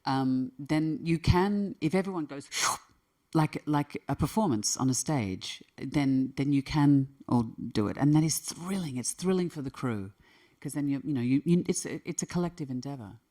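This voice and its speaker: A woman's voice: low voice, expressive, moderate pace, mellow. A woman in her fifties, an actress answering interview questions in a thoughtful way, often restarting her phrases. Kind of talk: conversational interview.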